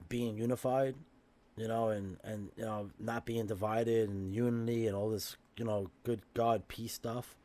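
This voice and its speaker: A man's voice: lowish voice, a little mellow. A middle-aged man with a thick Brooklyn accent, a podcast guest chatting bluntly and swearing freely. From Brooklyn, New York. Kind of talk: casual podcast chat.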